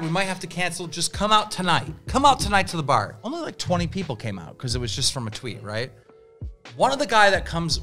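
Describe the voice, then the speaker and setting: A man spins a story on a podcast, his high voice jumping all over the place. He swears freely and acts out every person he quotes, with a bright, sharp tone and faint music underneath. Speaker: podcast guest telling a story. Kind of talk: animated storytelling in casual chat.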